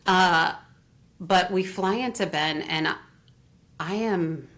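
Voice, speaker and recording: Gushing, gravelly middle-aged woman storyteller. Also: deep voice. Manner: animated, gushing, many fillers. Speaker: guest, Reiki teacher. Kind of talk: casual storytelling in an interview.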